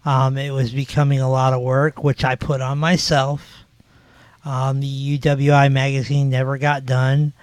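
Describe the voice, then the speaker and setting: A man's voice: medium pitch, completely flat delivery, normal speed, clear, resonant tone, dry recording. A man in his forties hosting a podcast, telling rambling stories in casual chat with lots of fillers. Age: 40s. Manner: rambling, filler-heavy storytelling. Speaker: podcast host.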